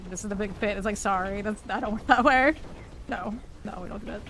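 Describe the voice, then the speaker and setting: A woman's voice: mid-range voice, fairly quick, fairly bright tone, a little hiss or hum, low-quality recording. A woman game streamer chatting casually and playfully while she plays, laughing often and exclaiming. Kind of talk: casual chat while live gaming.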